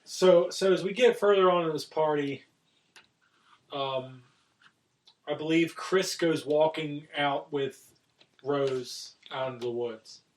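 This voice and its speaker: A man recapping a film's plot on a podcast in an easygoing way. His voice sits slightly higher than average and sounds a bit distant from the mic. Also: slow pace, pauses often. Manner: relaxed, plot-summarizing, brief interjections. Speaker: podcast co-host. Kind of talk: casual film discussion.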